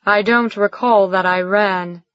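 A woman's voice: medium pitch, fairly even intonation, a little slow, a bit bright, no room sound, lightly acted. Woman playing a wry, teasing English sea captain. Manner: wry and soothing. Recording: dull, lo-fi recording.

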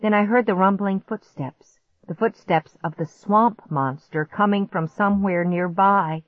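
A woman's voice: medium pitch, a little slow, no room sound. A woman narrating a spooky first-person story in a tense, suspenseful way. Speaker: audiobook narrator. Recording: dry, dull lo-fi recording.

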